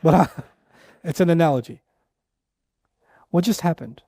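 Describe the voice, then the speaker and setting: A middle-aged man giving a lecture-style sermon as a Quran teacher, telling stories with animated repetitions and quick asides. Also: on the high side, breathy edge, no room sound, studio quality.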